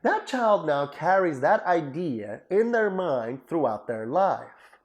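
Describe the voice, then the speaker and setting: Animated male psychotherapist explaining. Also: on the high side, slow pace. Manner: animated, emphatic, repeats for emphasis. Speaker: psychotherapist and lecturer. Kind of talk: explanatory educational talk.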